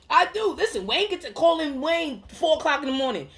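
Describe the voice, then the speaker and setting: A woman with a fairly high voice talks straight to camera in a heartfelt motivational monologue. She is a counselor who speaks in emphatic slang and repeats her phrases to press each point. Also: big pitch swings, a little fast, a bit bright. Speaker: mental health counselor.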